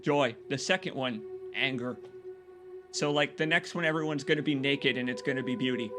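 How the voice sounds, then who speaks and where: A man streaming a video game, chatting casually with viewers and reacting excitedly. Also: moderate pace, music in the background. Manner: excitable, swears freely, laughs loudly, jumps to high yelps.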